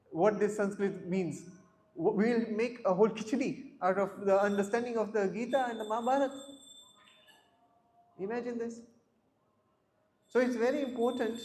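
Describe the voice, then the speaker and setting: High-voiced man teaching scripture, roomy echo. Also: a little mellow. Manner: explains word by word, questions the listeners. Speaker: scripture class speaker. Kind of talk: Bhagavad Gita class talk. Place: temple hall.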